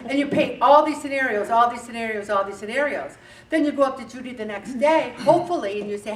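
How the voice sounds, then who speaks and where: A middle-aged woman leading a faith-based weight loss group, talking in an animated way and acting out bits of dialogue. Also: on the high side, fast talker. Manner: animated, acts out dialogue with voices. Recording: echoey room, distant mic, faint background noise.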